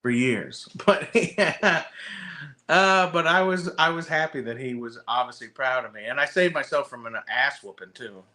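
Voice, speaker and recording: A man in casual podcast conversation, spinning a long, rambling anecdote laced with profanity. His voice is bright and forceful, and he keeps restarting sentences as he goes. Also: mid-range voice, moderate pace. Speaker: podcast host. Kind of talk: casual chat.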